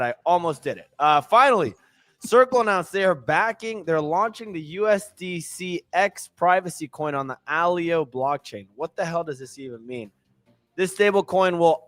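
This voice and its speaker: A man's voice: fairly high pitch, normal speed, a bit bright, no room sound, clean studio sound. A man co-hosting a casual crypto podcast, reading market news with brash, sarcastic asides and casual swearing. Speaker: podcast co-host.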